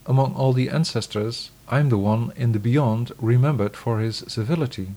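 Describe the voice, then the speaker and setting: A man giving a scripted scripture reading in a measured, solemn, declamatory way. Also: medium pitch, warm tone.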